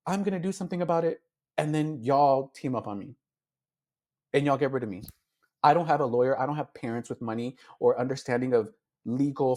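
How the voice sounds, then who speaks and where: A man at mid pitch, talking openly and with feeling in a long interview answer. He fills his speech with "like" and acts out what he thought back then, always in his own voice. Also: darkish tone. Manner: heartfelt, filler-heavy, acts out his own past thoughts. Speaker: interview guest, beauty influencer. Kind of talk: candid emotional interview.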